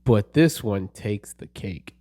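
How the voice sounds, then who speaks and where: Young male podcast co-host, lowish voice, playful ribbing. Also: expressive, takes it slowly, warm tone. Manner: joking, playful teasing. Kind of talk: casual chat.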